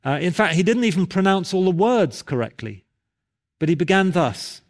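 A man's voice: high voice, very animated, moderate pace. A male pastor preaching a sermon, telling a story and building to emphatic repeated calls.

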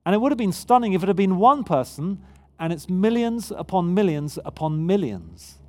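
Preacher, male, fairly high voice, chatty but emphatic sermon delivery. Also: big pitch swings, normal speed. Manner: conversational, emphatic, with frequent restarts.

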